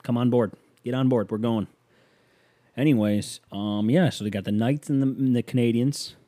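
A man hosting his own podcast in loose, joking casual chat, rambling with sudden jumps in pitch. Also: fairly even intonation, moderate pace, dark tone, no echo. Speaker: podcast host.

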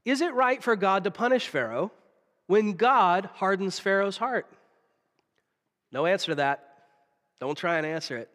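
A man from the preaching a sermon, telling stories with dramatic pauses and drops to a hush. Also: high voice, expressive. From Southern United States. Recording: long reverb of a large hall.

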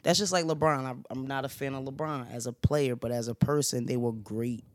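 A man's voice: medium pitch, fairly even intonation, fairly quick, no echo. A man on a podcast giving his blunt opinions in casual chat with friends.

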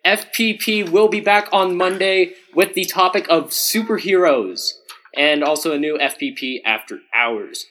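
A teenage host running a casual podcast chat among friends. The voice sits at an ordinary middle pitch and keeps nudging the group along with quick "all right"s and "okay"s. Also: fairly bright tone. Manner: steers the talk with repeated "all right".

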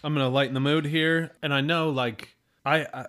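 A man co-hosting a podcast in casual chat. He sounds hesitant and halting and pokes fun at himself. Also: on the high side, fairly even intonation, fairly bright tone. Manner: hesitant, halting and self-deprecating. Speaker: podcast co-host.

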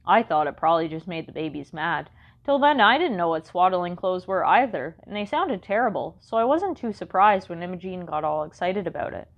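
A woman reads a first-person children's story in a wry, conversational way. Her voice sits on the low side, and the recording sounds dull and muffled. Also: animated, a little fast. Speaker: audiobook narrator.

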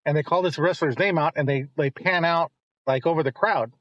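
Middle-aged man, rambling casual storyteller, high-ish voice, dry dull lo-fi sound. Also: brisk, no room sound. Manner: rambling, animated when quoting others. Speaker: guest, host's father.

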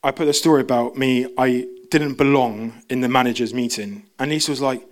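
A young man preaching a casual sermon in church, chatty and self-interrupting, acting out quoted voices in a raised pitch. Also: fairly even intonation, a little fast, few pauses.

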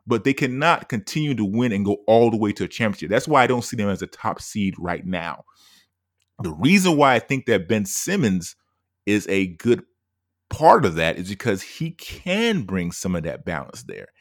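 A man co-hosting a sports podcast, making his points in a measured way with many fillers. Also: mid-range voice, no room sound, clean studio sound. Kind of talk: casual sports debate.

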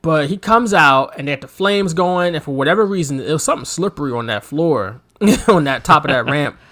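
Animated, laughing man on a podcast. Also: on the high side, fairly quick. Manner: animated storyteller, laughs often, acts out quotes. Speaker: podcast co-host. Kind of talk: casual wrestling podcast chat.

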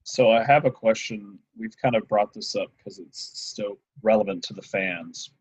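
A man with a low, husky voice hosting a casual interview, asking rambling questions and quickly backing up his guest with short agreements. The sound is dull and lo-fi, in a dry room. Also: no room sound. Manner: affirming, frequent short agreements. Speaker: interviewer, podcast host.

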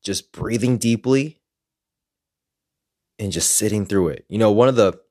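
A man's voice: lowish voice, measured pace, darkish tone, dry recording, studio quality. A man speaking frankly and reflectively in a casual personal monologue, swearing often as he shares his own experiences. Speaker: self-help creator.

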